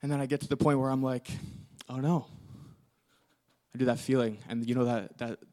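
A man's voice: medium pitch, steady tone, very fast, darkish tone. A young male pastor preaching a sermon, telling a story in a casual, rambling way full of fillers.

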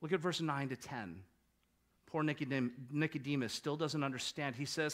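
A male pastor delivering a sermon with a high, ringing voice. He preaches emphatically and keeps turning to the congregation with rhetorical questions. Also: moderate pace, fairly bright tone.

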